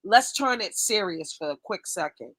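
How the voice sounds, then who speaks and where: Co-host, female, bright tense tone, dry sound, earnest and expressive. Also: medium pitch, normal speed, no room sound. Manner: expressive, exclaiming, shifts to earnest questions. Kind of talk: casual gossip chat.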